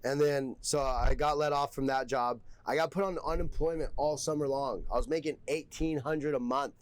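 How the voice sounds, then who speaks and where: A young man from Southern California telling stories on a podcast, loose and rambling, with constant swearing and "like" fillers. His voice sits at an ordinary middle pitch. He talks in casual, unpolished bursts. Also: steady tone, moderate pace, no room sound, rough recording. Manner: profane, rambling, heavy filler words. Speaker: podcast guest. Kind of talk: casual storytelling.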